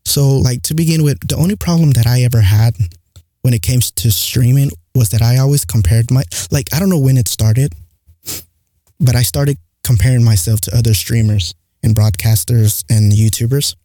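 A young man with an accent talks on his podcast in a loose, rambling monologue, leaning on "like" as he goes. His voice is very dark and mellow. It is recorded close and dry. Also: medium pitch, normal speed, no echo. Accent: non-standard English accent. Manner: rambling and candid, heavy use of "like". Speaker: podcast host. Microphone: studio mic close up.

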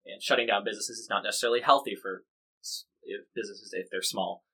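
A man's voice: fairly low pitch, steady tone, fast, pushed and bright, rough recording. An American man co-hosting a casual news podcast, explaining stories in a chatty, jokey, rambling way. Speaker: podcast co-host.

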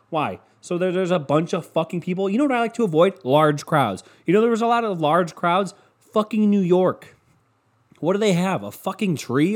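Host, male, sarcastic profane rant, animated and fairly high voice, home mic. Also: normal speed. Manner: sarcastic, profane ranting with self-mockery. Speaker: podcast host. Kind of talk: solo podcast rant. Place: home basement. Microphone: studio microphone.

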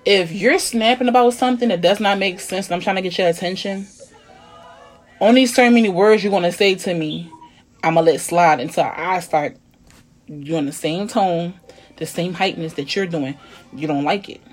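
A woman in casual chat, talking bluntly and emphatically, often swearing, sometimes dropping to a low, quiet tone. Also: normal speed. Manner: blunt, profane, emphatic venting; drops to a low, quiet tone to make a point. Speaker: conversation partner.

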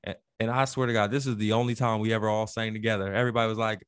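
Animated storytelling man, low voice. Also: racing, clear, resonant tone, dry recording, studio quality. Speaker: podcast co-host. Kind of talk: casual storytelling chat.

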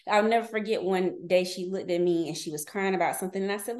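She talks fast in a lowish, darkish voice: a woman in her forties appearing as a podcast guest. Her casual chat is full of candid personal stories, frequent laughter, and imitated voices of others.

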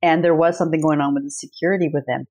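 A woman's voice: sits low, steady tone, racing, a little mellow. A woman author, a podcast guest, telling stories in a casual chat, blunt and swearing freely. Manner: brash storyteller, blunt and swearing.

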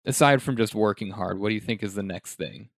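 Relaxed lower-voiced man hosting podcast. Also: a little fast, creaky, no echo, clean studio sound. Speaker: stand-up comedian and podcast host. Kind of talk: casual podcast chat.

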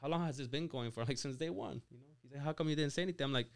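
Racing along in a gravelly, medium-pitched voice, a Mexican man in his twenties tells his story as a podcast guest. He owns an auto shop, and his casual chat is full of "like," "you know," and restarted words.

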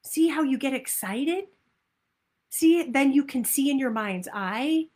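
Upbeat woman coaching with animated energy. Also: high voice, takes it slowly. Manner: upbeat, animated, acts out inner voices. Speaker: health and weight-loss coach. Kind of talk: motivational talk.

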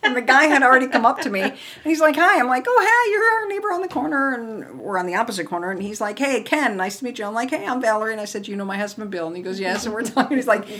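A woman's voice: a little high, rapid-fire. A middle-aged woman co-hosting a podcast, chatting casually and acting out quoted lines in her stories. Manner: animated storyteller, acts out quotes. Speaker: podcast co-host. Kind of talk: casual chat.

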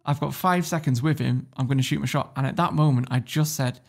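A man's voice: mid-range voice, fairly quick, vocal fry. A man telling a story as a podcast guest, blunt and swearing freely, laughing as he goes. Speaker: guest entrepreneur. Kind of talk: casual storytelling.

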